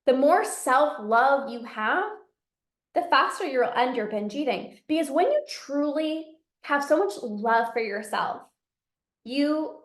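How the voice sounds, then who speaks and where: A woman with a high voice talks earnestly and casually, coaching the listener with plenty of "like" and "right?". Her voice carries a noticeable echo from the room around her. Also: expressive, slow. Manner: earnest, conversational, many "like" and "right?" fillers. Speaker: binge eating coach. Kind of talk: casual direct-to-camera advice.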